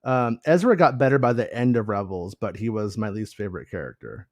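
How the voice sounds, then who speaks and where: A man's voice: fairly quick, no room sound, studio quality. Profane, rambling man on a fan podcast. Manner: rambling, animated, mocking asides in high put-on voices; profane, blunt rants. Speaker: podcast co-host. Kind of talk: casual fan podcast chat.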